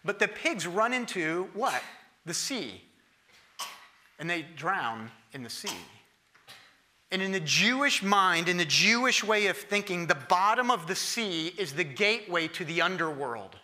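A man preaching a sermon in a conversational, lively way. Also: high-pitched, measured pace, slight background noise. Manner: conversational and lively, acting out quoted voices.

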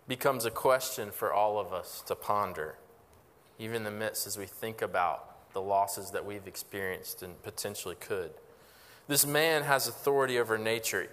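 A man's voice: medium pitch, fairly bright tone, in a large hall. A pastor preaching a conversational sermon, asking rhetorical questions and often restarting his phrases.

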